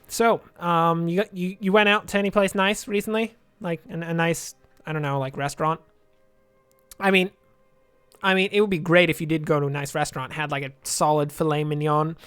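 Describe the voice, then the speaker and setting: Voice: medium pitch, a bit bright, smooth, dry recording. A let's play gamer giving chatty game commentary, thinking aloud and drifting into jokey tangents.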